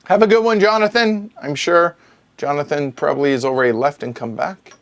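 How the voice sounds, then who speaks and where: A man's voice: a little high, fairly quick. A man hosting a livestream Q&A, reading viewer questions from the chat aloud and answering them with joking asides. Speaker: board game show host. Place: home streaming room.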